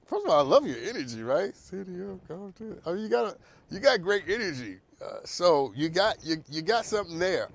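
Animated man preaching advice. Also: on the high side, a little fast. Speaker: talk show host giving advice. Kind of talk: talk show advice segment.

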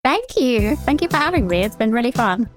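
A woman from England with a Southern English accent, a historian guest speaking in a friendly, measured way. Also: fairly high pitch, big pitch swings, faint music behind. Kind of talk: casual interview chat.

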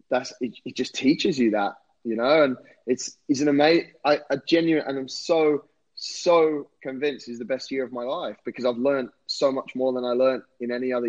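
A man talks in a relaxed, animated way, often doubling up words and tossing in "mate". His pitch sits in the middle for a man. The audio is a bit dull and lo-fi. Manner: animated, repeats words when excited, says "mate". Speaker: podcast guest, former rugby player and endurance athlete. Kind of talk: casual conversational storytelling.

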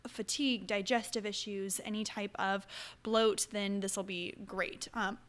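A woman's voice: medium pitch, fairly even intonation, unhurried, a bit bright. A young adult woman hosting a casual solo podcast, chatty and upbeat with rambling asides. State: hiccuping. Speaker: podcast host.

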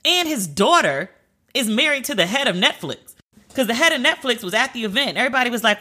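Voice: medium pitch, very animated, quick pace, sharp tone. A commentator reading entertainment news aloud in a casual, chatty way and reacting openly between the items.

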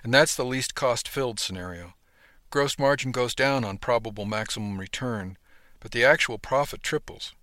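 A man voicing a young male ship crewmate, earnest and somewhat glum, in a plain, low-key delivery close to his own voice. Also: normal speed, sharp tone, dry recording, close to an everyday voice. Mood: explaining.

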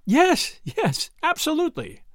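A man doing a frightened young wife in a storybook reading, her voice raised high and anxious. The pitch rises and falls a lot. The sound is close and dry. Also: huge pitch swings, measured pace, a bit bright, dry recording, heavily acted. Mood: pleading.

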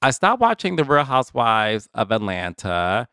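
Smooth-voiced man hosting a chatty podcast. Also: mid-range voice, normal speed, no echo, studio quality. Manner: chatty, animated, addresses listeners as y'all. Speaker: podcast host. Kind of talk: casual solo commentary.

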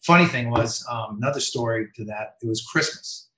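A man's voice: medium pitch, normal speed, echoey room, rough recording. A man, a veteran umpire, telling stories in an interview and acting out other people's lines in a raised voice. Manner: animated, acts out quotes with raised voice. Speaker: MLB umpire guest. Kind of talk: storytelling in interview.

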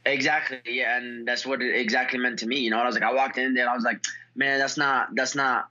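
A man's voice: mid-range voice, a little fast, dull audio. A young man, a fighter and guest, telling stories in a casual interview with lots of fillers and restarts. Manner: excitable storyteller, many fillers and restarts.

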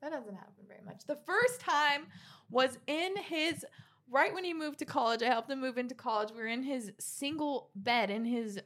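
A young woman hosting a podcast in casual chat, candid and quick to giggle. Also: sits high, a bit bright. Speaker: podcast host.

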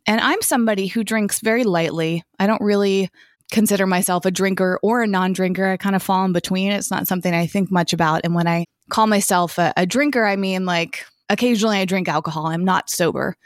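A woman's voice: mid-range voice, fairly quick, no echo, clean studio sound. A woman co-hosting a podcast, talking in a chatty, casual way and laughing now and then. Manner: chatty, laughs often, self-described organized type A. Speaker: podcast co-host.

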